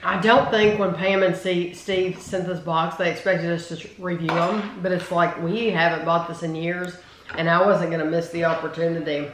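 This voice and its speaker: A woman's voice: on the low side, steady tone, moderate pace. A woman hosting a casual taste-test video, chatting and rambling with enthusiasm about candy flavors. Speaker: channel host. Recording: roomy with faint noise.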